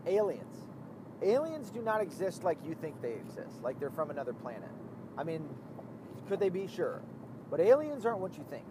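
Profane man rambling while driving. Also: on the high side. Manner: profane, rambling, loses his train of thought. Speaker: vlogger. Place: inside a car on the road. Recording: steady car road noise.

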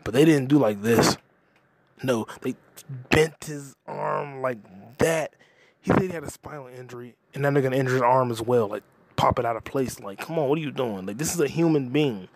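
A man talks into the mic for his comedy podcast, ranting in a loose, profane way. His voice sits in a middle range, and he leaps from one gripe to the next without pausing for breath. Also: medium pitch, no echo. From United States. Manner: profane, ranting, jumps between topics. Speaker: podcast host. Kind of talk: casual comedic monologue.

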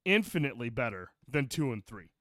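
A man's voice: medium pitch, big pitch swings, fairly quick, bright, forceful tone, dry recording, studio quality. A man co-hosting a podcast, chatting casually and telling rambling, profane stories. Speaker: podcast co-host. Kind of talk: casual chat.

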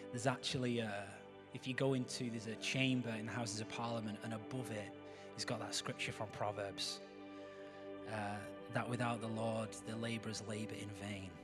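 A man's voice: fairly low pitch, steady tone, normal speed, over music. A man, a pastor giving a sermon in a chatty way, with joking asides to the congregation.

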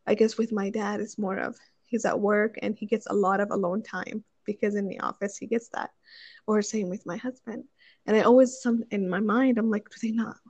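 A woman's voice: mid-range voice, darkish tone, no echo. Chatty young woman, dry sound. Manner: chatty, thinking aloud with many fillers and restarts. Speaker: speaker sharing advice on marriage. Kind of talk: casual chat.

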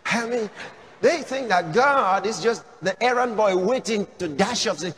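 High-voiced preacher booming in a hall. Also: male voice, unhurried. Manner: emphatic, questioning, swings from shouts to low asides. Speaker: pastor. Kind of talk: sermon.

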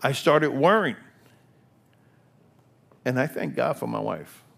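A man's voice: medium pitch, animated, takes it slowly, vocal fry. Impassioned older male preacher. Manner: impassioned, repetitive, swings from hushed to loud. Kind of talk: sermon.

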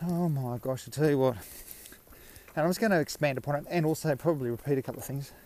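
A man's voice: a little high, fast talker, a little mellow. An Australian man hosting a podcast, talking in a rambling, self-mocking way while out walking his dog. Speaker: podcast host. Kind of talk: casual rambling monologue.

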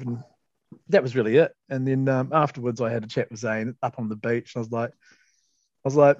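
A man's voice: mid-range voice, fast, a little mellow, no echo, dull audio. A man, co-hosting a podcast and telling a casual story, laid-back, laughing often and swearing freely. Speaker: podcast co-host.

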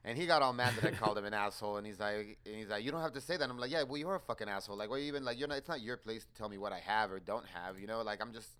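A young man on a podcast telling a story in casual chat, animated and swearing as he acts out his quoted exchanges. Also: on the low side, rapid-fire, few pauses, clear, resonant tone.

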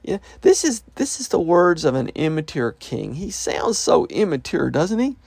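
A man reading Bible verses aloud and explaining them in a relaxed, conversational way, with frequent fillers. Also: fairly high pitch, normal speed, vocal fry, husky, no room sound. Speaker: Bible teacher. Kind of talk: reading scripture with commentary.

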